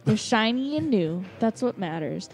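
A woman's voice: mid-range voice, big pitch swings, moderate pace, vocal fry, a little mellow, breathy edge, soft background music. Upbeat woman co-host. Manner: chatty, upbeat, stumbles over band names. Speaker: podcast co-host. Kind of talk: casual chat, reading show announcements.

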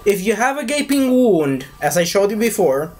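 A young man giving a casual, animated movie review rant who keeps slipping into silly high voices for the characters. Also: moderate pace.

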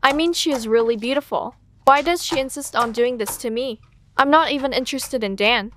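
A woman's voice: high voice, brisk, a bit bright, slight background noise. A woman voicing a blunt, sarcastic young woman in a storytime animation.

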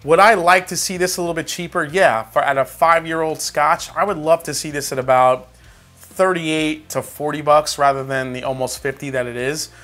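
A man's voice: fairly high pitch, moderate pace. A man reviewing whiskey in a casual vlog, talking through tasting notes as he sips. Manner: relaxed, tasting between remarks.

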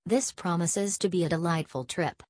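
A woman reading the part of a cheerful, confident gentleman companion in an audiobook, speaking eagerly. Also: lowish voice, moderate pace, no echo, studio quality, close to an everyday voice. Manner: eager, upbeat.

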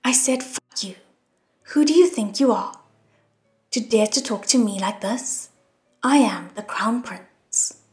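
A woman's voice: fairly high pitch, brisk, soft background music, natural voice. A woman reading an audiobook, voicing a proud young prince who is defiant and grieving. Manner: defiant, shouting.

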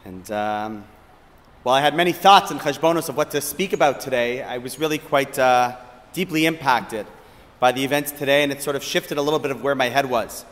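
A man giving a reflective sermon as a rabbi, measured and thoughtful, posing questions. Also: mid-range voice, a bit bright, big-room sound. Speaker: rabbi giving a short lecture.

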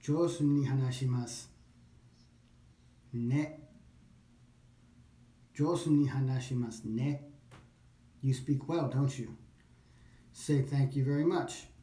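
A man's voice: mid-range voice, warm tone. Echoey man practicing phrases aloud. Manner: repeats phrases slowly, thinks aloud, self-corrects. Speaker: language learner. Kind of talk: practicing along with a language course. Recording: echoey room.

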